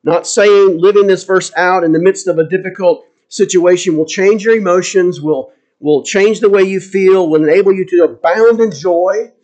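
Man, pastor, high voice, sermon, earnest, emphatic, repeats phrases. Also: normal speed, few pauses, darkish tone.

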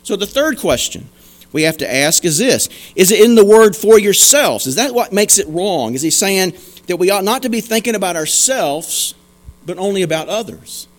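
Pastor, male, high-pitched, earnest emphatic sermon delivery. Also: lively intonation, normal speed. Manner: earnest, emphatic preaching with repeated rhetorical questions.

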